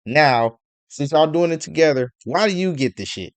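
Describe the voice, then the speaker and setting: A man's voice: a little high, expressive, moderate pace, no room sound. Dry, profane ranting man. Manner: profane, rambling, full of rhetorical questions and stammered fillers. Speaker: commentary vlogger. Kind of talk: casual ranting commentary.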